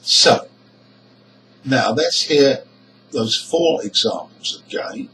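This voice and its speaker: A man teaching English pronunciation, explaining each point slowly and deliberately. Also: medium pitch, sharp tone, distant mic, slight background noise, poor audio. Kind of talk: slow explanatory lesson.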